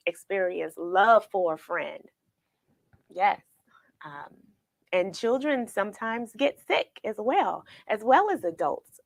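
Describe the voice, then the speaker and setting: A woman with a lowish, gravelly voice and no room sound hosts a children's read-along livestream. After the reading, she chats casually, speaking tenderly and emotionally to viewers she calls her friends.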